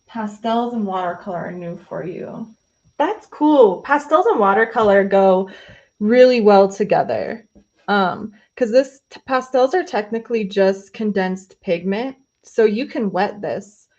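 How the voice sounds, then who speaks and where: Casting: woman, mid-pitch, relaxed live-stream host chatting while painting, slightly dull lo-fi audio. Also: unhurried. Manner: chatty, loose, many fillers, reading viewer comments.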